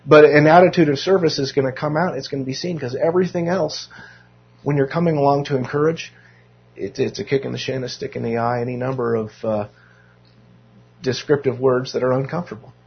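A hoarse man teaching a casual Bible class, with joking self-deprecating asides and frequent restarts. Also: medium pitch, fairly even intonation, a little fast. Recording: dull lo-fi room recording.

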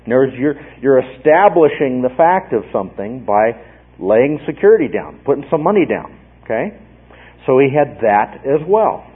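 A man teaches a Bible study with a husky, slightly breathy voice at a middling pitch. He explains patiently and often pauses to check that his listeners follow. The sound is narrow and phone-like. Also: very animated.

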